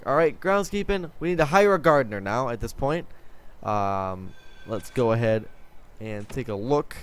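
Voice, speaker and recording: Man, gameplay commentary, higher pitched, rambling, joking, thinking out loud. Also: smooth. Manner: rambling, joking, talks to himself while building. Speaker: gamer playing a prison-building game.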